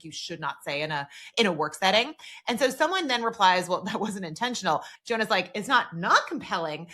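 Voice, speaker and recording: A woman co-hosting a podcast, recapping a TV episode in casual chat and acting out the characters' lines. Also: medium pitch. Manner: animated, recounts dialogue in quoted voices. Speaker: podcast co-host.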